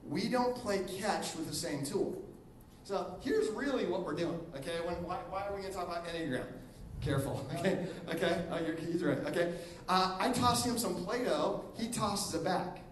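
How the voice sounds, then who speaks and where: A man's voice: high-pitched, normal speed, reverberant, distant mic, poor audio. A middle-aged man preaching as a guest pastor in a casual, joking sermon style, acting out little quotes as he goes. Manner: animated, joking, acts out quotes. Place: church auditorium.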